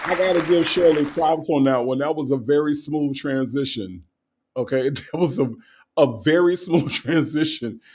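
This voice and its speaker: A man's voice: a little high, normal speed, a little mellow, breathy edge, a faint crowd. A man hosting a casual livestream, teasing his chat with repeated rhetorical questions and frequent laughter. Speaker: livestream host reading chat. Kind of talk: casual live commentary.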